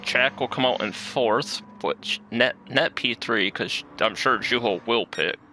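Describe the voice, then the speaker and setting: A man co-commentating a sim racing league with a bright, forceful voice. He stays laid-back, chuckles often, and talks through pit strategy. Faint noise sits under his voice. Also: medium pitch, a little slow, rough recording.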